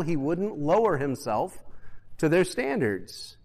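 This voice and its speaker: A man's voice: a little high, lively intonation, normal speed, long reverb tail. A male pastor preaching a conversational sermon with self-deprecating humor and emphatic repetition.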